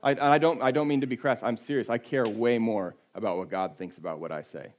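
A man preaching in a loose, conversational way, with a voice of ordinary pitch. He often sinks to a low, quiet tone to press a point. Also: fairly quick. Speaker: pastor. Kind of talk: sermon.

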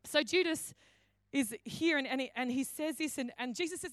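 A woman's voice: sits high, normal speed, no echo. A woman pastor preaching a sermon, telling the story with acted-out quotes and many restarts. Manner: storytelling, acts out quoted lines, frequent restarts.

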